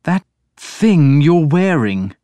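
A man voicing a nervous priest who speaks in a hushed, anxious way. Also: on the high side, big pitch swings, takes it slowly, dry recording, voice pushed up.

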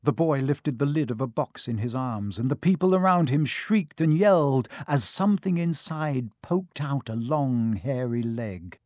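A man's voice: mid-range voice, a little mellow, no echo. Man narrating a storybook, dry close sound. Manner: measured storytelling. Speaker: audiobook narrator. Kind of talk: scripted narration.

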